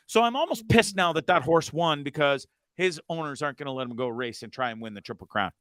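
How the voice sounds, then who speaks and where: A man hosting a casual podcast, talking in profane, excitable rants and repeating himself as he gets worked up. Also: a little high, quick pace, few pauses, no room sound. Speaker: host.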